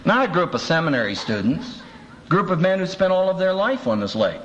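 A man's voice: high voice, brisk. A man, a seminary professor, lecturing with humor and acting out voices, recorded on an old cassette tape. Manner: humorous, animated, acts out voices. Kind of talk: lively lecture with acted quotes. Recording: dull old cassette tape with faint hiss.

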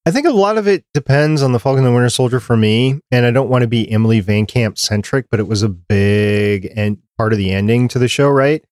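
A man hosting a podcast in casual chat, reading out listener tweets and polls with animated reactions. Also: mid-range voice, fairly quick, hardly any pauses, no echo, studio quality. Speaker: podcast host.

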